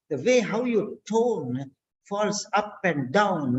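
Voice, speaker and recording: Brief: unhurried teacher drilling phrases, animated pitch, muffled sound. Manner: slow, deliberate, repeats key words. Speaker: language teacher. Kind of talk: instructional lesson. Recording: dull lo-fi recording.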